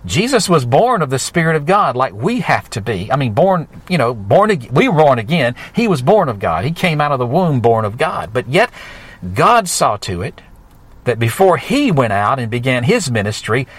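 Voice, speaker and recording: A male preacher, delivering a fervent sermon that builds with rising emphasis and drawn-out words. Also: mid-range voice, sing-song, husky.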